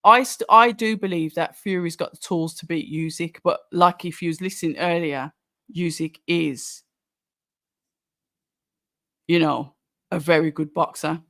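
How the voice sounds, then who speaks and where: A Birmingham, England host with a Brummie accent chats casually on a watch-along livestream, answering viewer comments and restarting often. His mid-range voice is pushed and bright, at a measured pace with frequent pauses. The recording is studio quality with no echo.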